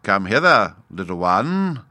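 A man's voice: fairly low pitch, very animated, slow, sharp tone, no echo, full character voice. A man voicing a sly, hungry old male crocodile who coaxes and speaks through his teeth. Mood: whispery.

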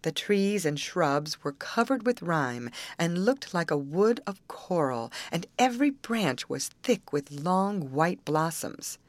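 A woman narrating a fairy tale in a gentle, expressive read-aloud style. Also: on the low side, slow, hardly any pauses, no echo. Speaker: storyteller. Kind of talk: storybook narration.

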